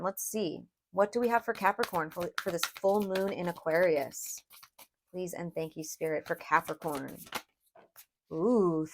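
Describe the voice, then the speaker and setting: A woman's voice: lowish voice, slight background noise. A woman giving a casual tarot reading, chatty and emotional, addressing her viewers as "you guys" with lots of "like". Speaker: tarot reader.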